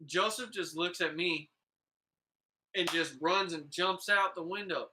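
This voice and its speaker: Laid-back man with a bright voice. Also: sits high, measured pace, slight background noise, low-quality recording. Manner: laid-back, profane, calls people "bro"; rambling, full of "like" and "you know". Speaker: podcast host. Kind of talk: casual storytelling chat.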